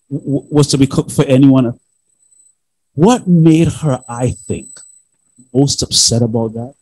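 A man's voice: medium pitch, a little mellow, no room sound, rough recording. A man in his thirties preaching a sermon as pastor, telling stories and acting out quoted voices. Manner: storytelling, acts out quoted family voices.

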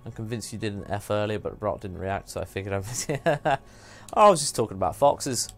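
A man's voice: lowish voice, normal speed, faint music behind. A man hosting a live game stream, rambling through a story with frequent laughs and self-deprecating asides. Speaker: streamer host. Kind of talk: casual live-stream chat while gaming.

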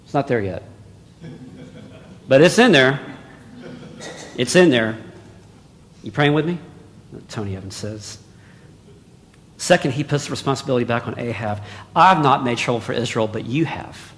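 A man's voice: mid-range voice, lively intonation, normal speed, pauses often, slight background noise. Man preaching in a reverberant hall. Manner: swings between hushed asides and loud exclamations. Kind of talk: sermon.

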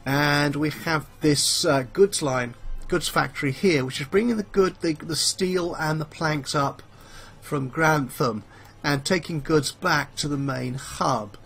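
A man's voice: a little high, unhurried, gravelly, fairly bright tone, slightly rough, soft background music. Rambling man narrating a game. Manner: rambling, thinks aloud with many fillers; chatty and self-mocking. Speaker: let's play host. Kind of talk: casual game commentary. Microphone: headphones with a desk mic.

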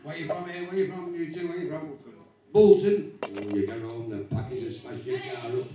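An English man with a fairly high, brisk voice does crude stand-up on a bar stage, brashly swearing at and insulting the crowd. The club recording is distant, echoey and noisy.

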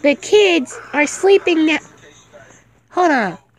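A woman's voice: high-pitched, expressive, takes it slowly. A woman playing a caretaker in a home role-play skit, firmly scolding and giving orders. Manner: scolding, firm.

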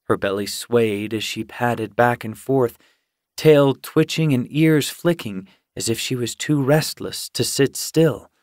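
A man narrating an audiobook in a measured storytelling manner. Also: medium pitch, no room sound, clean studio sound. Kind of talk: scripted narration.

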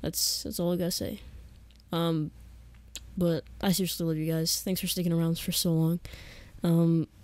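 A woman's voice: lowish voice, flat delivery, moderate pace, a little mellow, dry recording. A woman YouTuber chatting casually to her viewers, hesitant and rambling with lots of fillers. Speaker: gaming YouTuber. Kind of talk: casual chat to camera.

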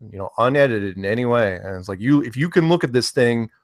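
A man's voice: mid-range voice, animated, quick pace, no echo. Dry-joking man, close and dry sound. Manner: joking, dry teasing quips. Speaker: guest. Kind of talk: casual livestream chat.

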